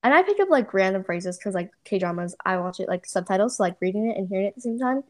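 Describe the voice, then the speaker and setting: A woman's voice: medium pitch, animated, fast, darkish tone. A young adult woman hosting a podcast, chatting casually and hesitantly with many fillers. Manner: hesitant, many ums and likes. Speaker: podcast host. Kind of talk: casual interview chat.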